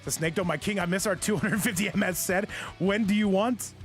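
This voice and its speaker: A man's voice: high-pitched, a little fast, faint music behind. A man hosting and commentating a fighting game stream in a casual, joking, rambling way, talking straight to his chat.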